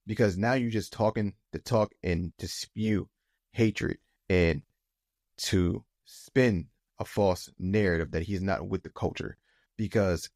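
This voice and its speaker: A man with a lowish voice co-hosts a podcast in loose, casual chat. He circles back on his words with plenty of fillers and builds to heated, emphatic bursts. The sound is dry, with little room. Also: darkish tone, no room sound. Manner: heated, rising to emphatic outbursts; loose, repetitive phrasing with many fillers. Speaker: podcast co-host.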